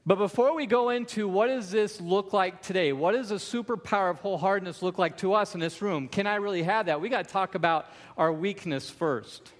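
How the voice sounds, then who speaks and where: A man's voice: high voice, brisk, few pauses, in a large hall. A man preaching a sermon as pastor, emphatic, with repeated refrains.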